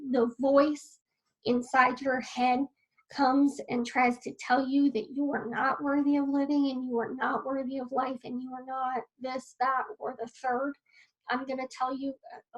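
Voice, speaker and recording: A woman with a high voice talks casually and earnestly to camera from her desk at home. She coaches and encourages the listener, and her talk turns heartfelt. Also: muffled recording. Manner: earnest and encouraging, grows emotional. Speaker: wellness coach. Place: home desk in a sunny room.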